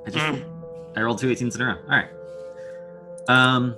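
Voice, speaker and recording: A man's voice: medium pitch, normal speed, over music. Man narrating as dungeon master. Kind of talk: narrating a tabletop game.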